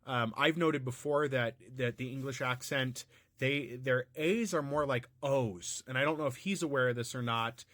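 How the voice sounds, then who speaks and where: Man, American, mid-pitched, rambling unscripted commentary, dry close-miked sound. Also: moderate pace, fairly bright tone, no echo. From United States. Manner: rambling and musing, frequent restarts and fillers.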